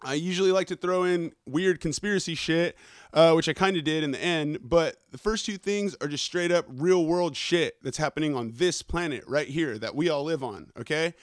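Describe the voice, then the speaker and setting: A man hosting a podcast who rambles through a casual news rant, swearing constantly, talking fast and wired on coffee and checking in with his listeners. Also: fairly high pitch, clear, resonant tone, no room sound, studio quality. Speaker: podcast host.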